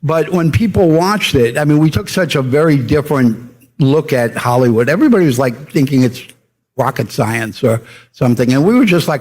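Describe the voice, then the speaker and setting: Older man telling lively business stories. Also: a little high, moderate pace. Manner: anecdotal, animated, acts out quoted people. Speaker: media entrepreneur guest. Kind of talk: fireside chat storytelling. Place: stage before a live audience.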